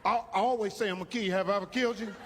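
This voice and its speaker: A man's voice: high-pitched, fairly even intonation, very fast. A middle-aged man doing a crude, rowdy stand-up comedy routine, telling stories full of profanity on a theater stage. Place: large theater stage with a live audience. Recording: reverberant live hall, audience noise.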